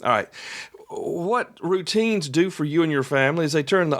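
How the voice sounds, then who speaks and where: A man's voice: a little high, animated, normal speed, a bit bright. A man hosting an instructional podcast in a folksy, conversational way, often repeating his points. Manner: folksy, repeats points, acts out little dialogues.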